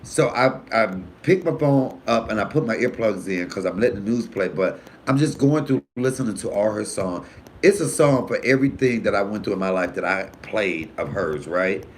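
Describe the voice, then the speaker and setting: Animated, swearing comedian telling stories. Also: male voice, lowish voice, normal speed, slight background noise. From Detroit, USA. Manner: animated, profane, swings between loud and hushed. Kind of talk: casual live-stream storytelling.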